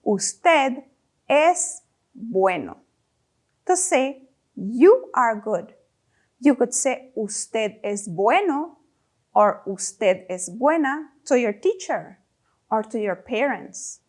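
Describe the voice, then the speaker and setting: A woman leads a children's Spanish lesson, voicing each phrase slowly and plainly for learners to copy. Her voice sits fairly high and moves with lively, animated intonation. She keeps prompting her listeners to repeat, praising them as they go. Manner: slow, drawn-out model phrases for repeating. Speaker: Spanish teacher.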